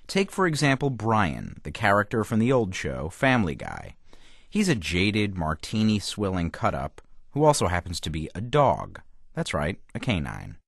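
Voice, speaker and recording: A man's voice: lowish voice, wildly swooping pitch, normal speed, creaky, husky, no echo, studio quality. A male TV critic delivering a scripted radio review with a wry, emphatic manner.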